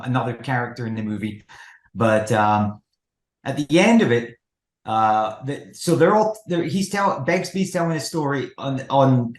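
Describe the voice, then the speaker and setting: A man speaking as a guest in a casual interview, hesitant, with many ums and restarts. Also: mid-range voice. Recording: echoey room.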